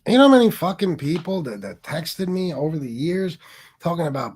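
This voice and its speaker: A middle-aged man hosts his own livestream in a casual monologue, his voice sitting a little high for a man. He rambles and sounds defensive, and he swears freely as he talks. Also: sing-song, fairly quick, slightly rough. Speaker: livestream host.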